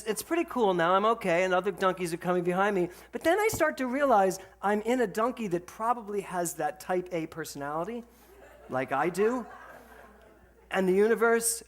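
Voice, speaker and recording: Lively laughing man telling a sermon story. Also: high voice. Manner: slows to soft, reflective tone for spiritual points. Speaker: spiritual center speaker. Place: speaking to a congregation with slides.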